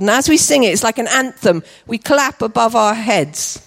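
A woman's voice: a little high, very animated, normal speed, few pauses. A woman leading a church children's song session, cheerfully encouraging the kids with constant praise. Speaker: children's worship leader.

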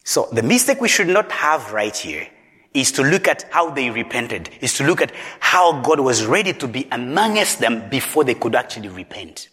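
A man's voice: on the high side, sing-song, normal speed, sharp tone. A man preaching a sermon in a church hall, quizzing the congregation with rhetorical questions. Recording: long reverb in a large hall.

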